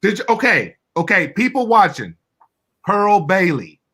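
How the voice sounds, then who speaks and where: A man hosting an interview, excitable and turning often to talk to the viewers. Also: high voice, a little slow, husky. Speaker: interview host. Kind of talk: casual interview.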